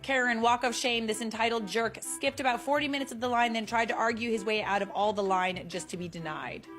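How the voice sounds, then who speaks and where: A woman hosts casual commentary on short videos in a wry, encouraging manner. Her voice sits at a middle pitch, with faint music behind her. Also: a little fast, a bit bright. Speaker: host reacting to clips.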